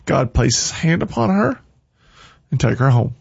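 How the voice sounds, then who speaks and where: Fervent man, husky voice, preachy livestream talk, dull lo-fi sound. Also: medium pitch, sing-song, moderate pace, no room sound. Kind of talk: faith-filled livestream talk.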